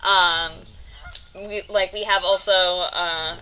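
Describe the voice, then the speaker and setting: A woman's voice: on the low side, fairly even intonation, slow, sharp tone. A young woman guiding a casual outdoor sanctuary tour, talking loosely with lots of "um" and "like". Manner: chatty, full of fillers like "um" and "like". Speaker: animal sanctuary tour guide. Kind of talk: casual chat on a live virtual tour.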